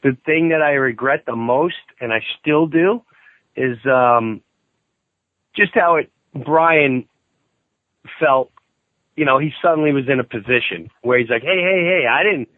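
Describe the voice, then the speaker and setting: Man, excitable storyteller, phone call-in guest, narrow tinny line. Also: a little slow, pauses often, dry recording. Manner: excitable, acts out quotes in shrill outbursts. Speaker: guest calling in. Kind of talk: animated storytelling.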